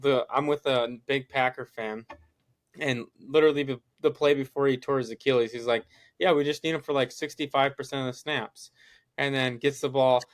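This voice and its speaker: A man's voice: medium pitch, fairly even intonation, normal speed. A young man co-hosting a casual sports podcast, heated and swearing as he retells conversations with friends. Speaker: podcast co-host.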